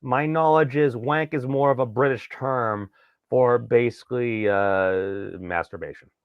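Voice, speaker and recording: A man hosting a casual podcast, rambling and jokey with a creaky voice. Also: mid-range voice, a little slow, dry recording, phone-quality sound. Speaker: podcast host.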